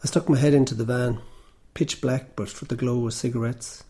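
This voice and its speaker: A man from Tipperary, reading his own first-person story in a wry, measured way. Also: medium pitch, steady tone, dark tone, husky. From Tipperary, Ireland.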